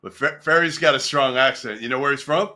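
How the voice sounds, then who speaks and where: A male sports interviewer with a bright, forward voice at a middling pitch. He banters and teases in a relaxed way, then strings together long, loose questions. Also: fairly quick. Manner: chatty, joking banter.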